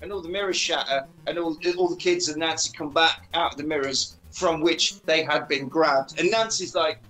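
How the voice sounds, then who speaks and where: A man casually recapping a film for friends, animated and sweary, acting out the characters in funny voices. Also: on the high side, normal speed, few pauses, rough recording. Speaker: podcast host recapping a film.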